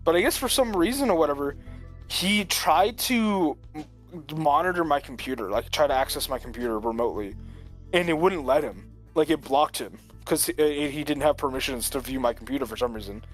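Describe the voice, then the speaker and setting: A man's voice: fairly high pitch, expressive, fairly quick, soft background music. A man telling a long story in casual chat, rambling with lots of filler words and frequent chuckles. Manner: rambling, full of "like", chuckles often.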